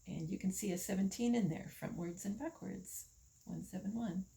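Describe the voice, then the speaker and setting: An older woman from the United States, talking slowly in a casual monologue, musing with pauses and fillers. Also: medium pitch, creaky, dark tone, poor audio. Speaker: vlogger.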